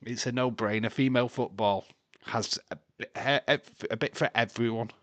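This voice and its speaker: A man's voice: mid-range voice, fairly even intonation, normal speed, fairly bright tone, no room sound. A man hosting a live wrestling watch-along stream, giving casual commentary, often laughing and teasing his chat. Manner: chatty, laughs often, reads and teases chat. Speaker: livestream watch-along host.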